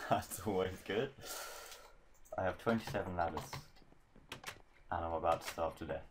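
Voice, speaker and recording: Dry, teasing guy, deep voice. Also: measured pace, noisy background. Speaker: gamer co-host. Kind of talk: casual let's-play chat.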